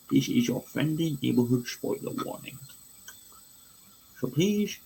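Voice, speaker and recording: A man putting on a hammy British gentleman announcer with a gravelly, fry-heavy voice, swooping wildly up and down in pitch. The put-on accent is broad and over-the-top, played for laughs on a casual podcast. Faint background hiss sits under it. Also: exaggerated voice, rough recording.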